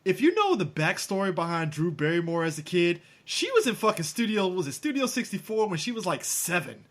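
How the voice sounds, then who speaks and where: A man co-hosting a podcast in casual banter, animated and profane, arguing back. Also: high voice, brisk. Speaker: podcast co-host.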